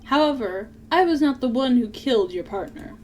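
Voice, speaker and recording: Woman playing a calm, formal male game prosecutor. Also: a little high, moderate pace, slight background noise, close to an everyday voice. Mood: composed.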